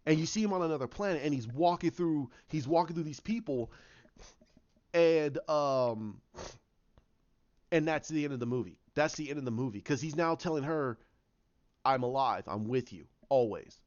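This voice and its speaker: Rambling male fan, slightly higher voice, lots of restarts, lo-fi dull sound. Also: normal speed, a little mellow. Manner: rambling, with many restarts and acted-out quotes. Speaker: fan commentator. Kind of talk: casual storytelling monologue.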